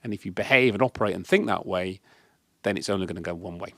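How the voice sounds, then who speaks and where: A man from the UK on a discussion panel, telling emphatic, animated stories about leadership. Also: sits low, quick pace, creaky, dry recording. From United Kingdom. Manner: emphatic, animated anecdotes with acted quotes. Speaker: guest speaker on leadership.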